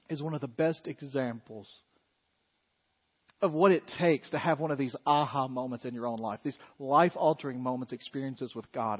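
Guy preaching, high-ish voice, lots of hall echo, kinda muffled, gets loud acting stuff out. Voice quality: animated, acts out scenes with shouts. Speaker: pastor. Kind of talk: sermon. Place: church hall. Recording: muffled sound in a long-reverb hall.

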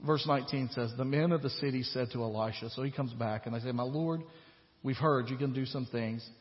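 A man's voice: mid-range voice, brisk. A man preaching a sermon as pastor, retelling scripture in a casual, conversational paraphrase and building to emphatic points. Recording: dull sound with long hall reverb.

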